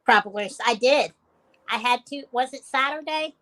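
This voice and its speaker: A woman's voice: on the high side, moderate pace, a bit bright. A woman co-hosting a podcast in casual chat, playful and a little defensive. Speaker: podcast co-host.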